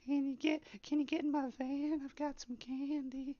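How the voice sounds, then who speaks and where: A man trying out a high, wimpy voice for a creepy old man character. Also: little pitch movement, moderate pace, mellow, no room sound, dull audio.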